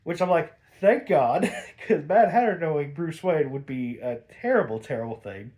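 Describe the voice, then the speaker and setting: A man's voice: fairly high pitch, animated, normal speed, darkish tone. Sniffly man rambling through a review. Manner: rambling, swearing, laughing often. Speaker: episode reviewer. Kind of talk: casual retelling and review.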